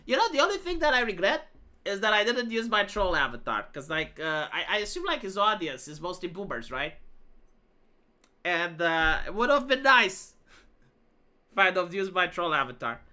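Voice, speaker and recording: A woman's voice: on the low side, big pitch swings, moderate pace, pushed and bright. A woman live streamer telling a rambling, profane story in casual chat, full of fillers and restarts. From Romania.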